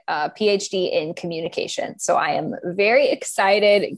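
A woman's voice: lowish voice, gravelly. A young woman hosting a podcast in casual chat, cheerful and playful, laughing often, recorded over a remote call. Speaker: podcast host.

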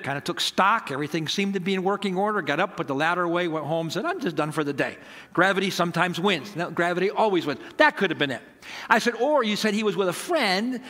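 A man's voice: a little high, sharp tone, big-room sound. A middle-aged male pastor giving a conversational sermon, asking rhetorical questions and acting out dialogue from his stories.

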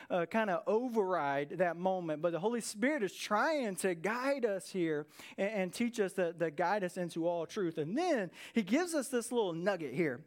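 Male pastor, high-pitched, lively conversational sermon delivery. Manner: energetic, conversational preaching with dramatic pauses.

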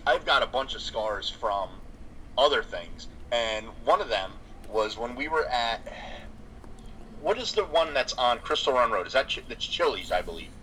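A man's voice: mid-range voice, animated, bright, forceful tone, slight background noise, low-quality recording. A man co-hosting a casual podcast, talking in an easygoing way and often restarting his sentences. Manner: easygoing, halting, repeats words as he starts sentences. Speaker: podcast co-host. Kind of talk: casual chat.

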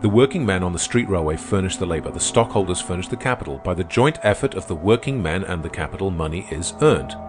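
A confident man who argues gravely and matter-of-factly, as an audiobook reader voices him. His voice is low and deep, with faint music behind it. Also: expressive, fast, few pauses. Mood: assured. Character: confident male socialist debater, calm and grave. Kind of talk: audiobook character voice.

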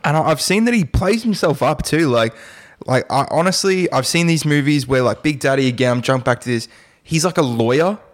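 A man's voice: a little high, animated, fairly quick. A young man ranting and cracking jokes in a casual podcast chat, full of swearing and mock impressions. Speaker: podcast co-host. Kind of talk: casual banter.

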